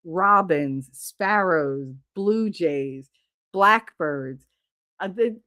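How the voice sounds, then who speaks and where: A woman's voice: on the low side, extremely slow, a bit bright, no echo, clean studio sound. A middle-aged woman hosting a live stream, chatting casually and bluntly, swearing freely while she reads viewers' comments.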